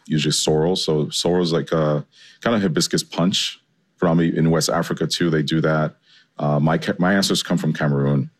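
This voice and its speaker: Very deep-voiced enthusiastic man. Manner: enthusiastic, loose and chatty. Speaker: chef and guest. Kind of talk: casual interview answers.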